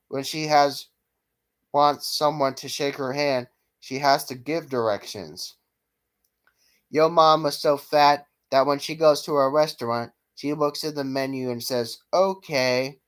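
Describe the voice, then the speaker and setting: A man vlogger reading jokes aloud from a list at a steady pace, stumbling now and then. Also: medium pitch, clean tone.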